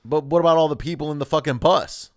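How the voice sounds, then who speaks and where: A man's voice: a little high, fast talker, dry recording, studio quality. A man co-hosting a comedy podcast, brash and casual, cursing freely. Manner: brash, swears a lot. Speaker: podcast co-host.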